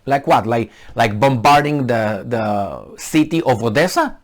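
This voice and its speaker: A man's voice: mid-range voice, animated. Man with a delivery commenting on news. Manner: halting, many fillers and restarts, grows heated and sarcastic. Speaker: commentator reading news aloud. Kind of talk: casual spoken commentary on news articles.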